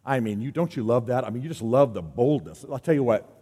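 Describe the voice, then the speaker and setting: A man preaching a sermon on a stage, telling a story in a lively way and acting out the quotes. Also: medium pitch, fast, breathy edge. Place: stage before an audience. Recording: long hall reverb.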